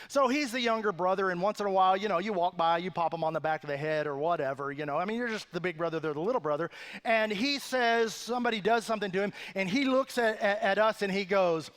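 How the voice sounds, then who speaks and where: A man's voice: high-pitched, a bit bright. A man preaching a sermon as pastor, telling a humorous family story in a conversational, self-deprecating way with asides to the congregation. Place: church sanctuary.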